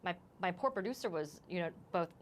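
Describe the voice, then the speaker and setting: A woman from the United States, a news correspondent, speaking as a guest in a live news interview, shaken and halting, with many restarts. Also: on the low side, lively intonation, a little hiss or hum. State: shaken, voice unsteady.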